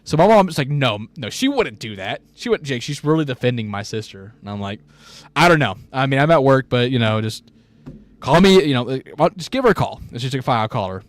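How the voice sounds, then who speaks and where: A man's voice: mid-range voice, expressive, fast, no room sound. Rambling young man telling a story. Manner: rambling, many restarts, acts out quoted voices. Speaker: podcast co-host. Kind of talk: casual storytelling chat.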